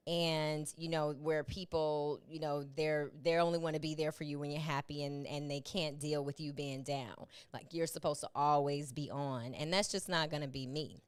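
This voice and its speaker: A woman's voice: low-pitched, fairly even intonation, moderate pace, few pauses, clear, resonant tone, no echo. A middle-aged woman hosting a casual live podcast from home, chatting and laughing with her listeners as "y'all", speaking into a webcam. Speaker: podcast host. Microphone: webcam and earpiece.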